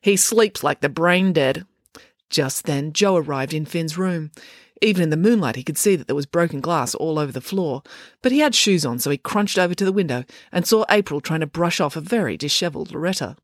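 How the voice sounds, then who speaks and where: A woman reading a children's chapter book aloud as a storyteller, with an expressive, animated delivery. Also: low-pitched, fairly quick, no room sound, studio quality.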